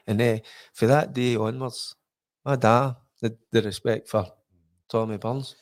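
A man's voice: mid-range voice, unhurried. A middle-aged Scottish man, a former footballer, telling stories in casual chat with many restarts and acted-out quotes. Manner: rambling storyteller, frequent restarts, acts out quoted voices.

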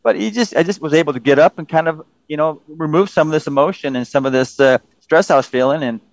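Fast-talking man co-host, dull dry sound. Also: a little high, no room sound. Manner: earnest, storytelling, brisk. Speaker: podcast co-host. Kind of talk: casual podcast storytelling.

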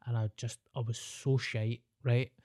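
A man's voice: mid-range voice, little pitch movement, unhurried, darkish tone, no room sound, clean studio sound. A young man with a Glaswegian accent, co-hosting a podcast and telling a story in casual chat, swearing freely and laughing through it. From Scotland. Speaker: podcast host.

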